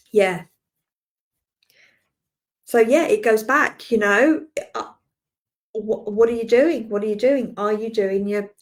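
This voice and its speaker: An Australian woman in her forties, a spiritual healer chatting casually on a live stream, rambling, laughing often and answering viewers by name. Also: mid-range voice. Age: 40s.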